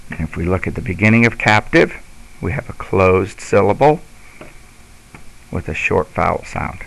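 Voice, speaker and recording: Gravelly-voiced man teaching a lesson. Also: low-pitched, lively intonation, slight background noise, rough recording. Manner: slow, patient explaining. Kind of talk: instructional lesson.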